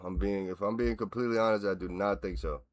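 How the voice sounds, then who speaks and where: A man with a lowish voice talks quickly while hosting a reaction video about a fight. He rants bluntly and animatedly, breaking the fight down with lots of swearing.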